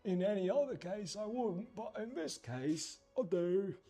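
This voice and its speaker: A man's voice: high-pitched, animated, unhurried, warm tone, breathy edge, soft background music, pitched above the performer's own voice, exaggerated voice. A man putting on a cheeky mock-British bloke. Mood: teasing. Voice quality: exaggerated, sing-song delivery.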